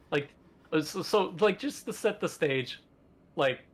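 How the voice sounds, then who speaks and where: A man's voice: a little high, animated, slow. A man co-hosting a podcast in casual chat, rambling with enthusiasm and lots of fillers. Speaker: podcast co-host.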